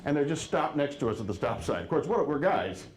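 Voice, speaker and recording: A man's voice: a little high, sing-song, background noise. Middle-aged man doing stand-up in an echoey room. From Wisconsin. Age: 40s. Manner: wry storytelling with quick quoted asides. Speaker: stand-up comedian. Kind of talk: stand-up comedy set. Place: live comedy venue with audience.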